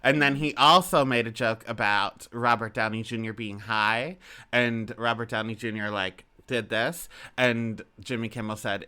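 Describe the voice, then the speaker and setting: A man's voice: lowish voice, normal speed, clean tone. A young adult man co-hosting a podcast, telling stories and joking, laughing often. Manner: animated, joking storyteller who laughs often. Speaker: podcast co-host. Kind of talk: casual gossip chat.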